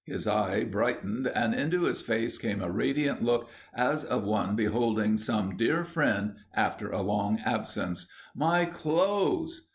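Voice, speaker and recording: A man reading a children's audiobook aloud in a steady, measured narration. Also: on the low side. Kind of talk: scripted storybook narration.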